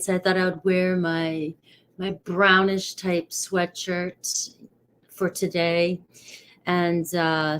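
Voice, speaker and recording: A middle-aged woman from New England talks casually on her live tarot stream. She rambles easily and calls out viewers by name. Her pitch sits in the middle range. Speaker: tarot reader.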